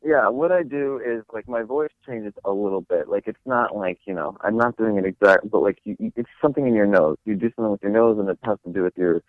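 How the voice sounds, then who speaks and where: A man's voice: on the low side, quick pace, hardly any pauses, no echo. A young man from New York, a guest actor talking casually in an interview, hesitant and full of fillers and restarts. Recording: dry tinny phone line.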